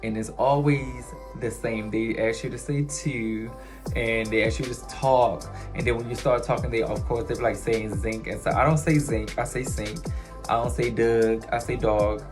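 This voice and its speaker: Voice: medium pitch, steady tone, fairly quick, hardly any pauses, over music. A non-binary vlogger with a Baltimore accent, chatting playfully and straight to viewers in a casual vlog. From Baltimore, USA.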